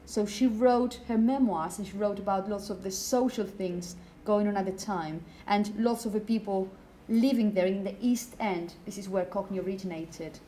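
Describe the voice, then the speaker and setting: A woman teaching a class, talking through examples at an even pitch and stopping to ask the students questions. Faint noise hangs behind her in the classroom. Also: moderate pace, hardly any pauses, low-quality recording. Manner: explanatory, asks the class questions. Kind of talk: classroom lecture.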